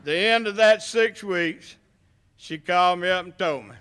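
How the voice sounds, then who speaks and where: An older man with a thick rural Southern accent, telling humorous, homespun stories in a banquet speech. His voice sits fairly high and sounds bright and forceful. It comes through smooth and clear. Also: unhurried. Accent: Southern US, rural Gulf Coast area. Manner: folksy, humorous storytelling. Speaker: hall of fame inductee.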